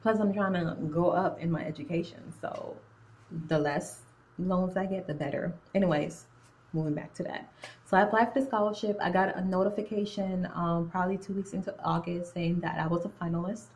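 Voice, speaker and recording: A young woman with a slightly low voice tells a story casually to her phone camera. She talks in a chatty, slangy way and slips in and out of an accent. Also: fairly even intonation, a little fast, darkish tone, low-quality recording. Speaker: nursing student. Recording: phone-recorded video.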